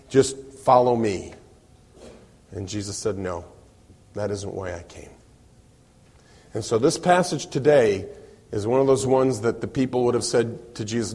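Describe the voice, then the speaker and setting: A man's voice: mid-range voice, slightly rough, long reverb tail. A man preaching a sermon as a pastor, explaining a passage and acting out the voices he quotes. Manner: animated, acts out quoted voices.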